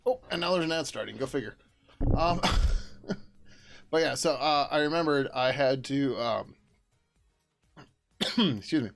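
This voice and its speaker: A man's voice: mid-range voice, animated, a little slow, vocal fry, long pauses, faint music behind. A middle-aged man hosting a casual coding livestream, rambling and swearing now and then as he works at his desk. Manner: rambling, casual, swears, hums to himself while working. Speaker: livestream host and software developer.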